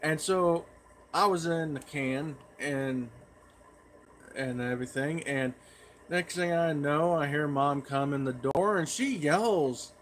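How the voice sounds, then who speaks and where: A man's voice: on the high side, slow, a little hiss or hum. A man chatting in a folksy, rambling way as a pipe tobacco vlogger. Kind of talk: casual rambling vlog.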